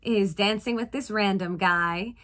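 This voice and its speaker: A woman hosting a casual movie-recap vlog, talking in an animated, playful way with sarcastic asides. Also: mid-range voice, unhurried. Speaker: vlog host reviewing a film.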